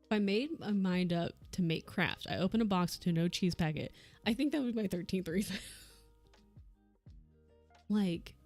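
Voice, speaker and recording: A woman's voice: mid-range voice, normal speed, pauses often, darkish tone, soft background music. A young woman streamer chatting casually while she crafts, telling a rambling story and laughing often. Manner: laughs often, rambling anecdote with acted quotes.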